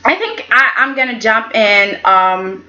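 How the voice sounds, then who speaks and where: A woman's voice: a little high, expressive, unhurried, sharp tone, dull audio. A woman casually reviewing a soap opera episode, chatty and opinionated, often acting out what the characters said. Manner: chatty and opinionated, acts out quotes in voices. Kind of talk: casual chat.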